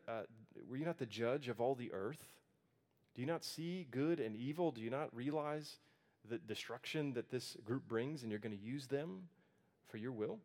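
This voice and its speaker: A man's voice: medium pitch, darkish tone. A man preaching a sermon in an earnest, conversational way, with frequent restarts and fillers. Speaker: pastor. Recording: long hall reverb.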